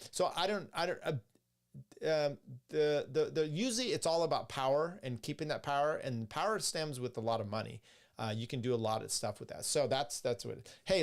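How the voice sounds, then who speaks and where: A man hosting a political podcast, reading articles and viewer questions aloud and commenting in a blunt, rambling way with many restarts and some swearing. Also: medium pitch. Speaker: podcast host.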